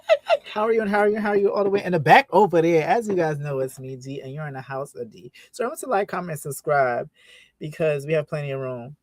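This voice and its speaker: A man's voice: mid-range voice, no room sound. A man hosting his own channel, chatting casually and loosely on a livestream, with slangy talk and many fillers.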